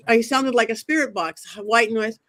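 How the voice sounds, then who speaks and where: A woman's voice: fairly high pitch, normal speed. Lady medium telling a ghost story all worked up, keeps acting out what everyone said. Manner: excitable, quotes herself and others in dramatic asides. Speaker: psychic medium guest. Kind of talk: animated storytelling.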